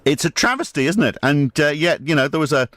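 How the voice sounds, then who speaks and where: A man's voice: a little high, animated, brisk, a bit bright, no echo. A man hosting a late-night radio show, chatting casually in a wry, joking way into a studio mic. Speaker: radio host.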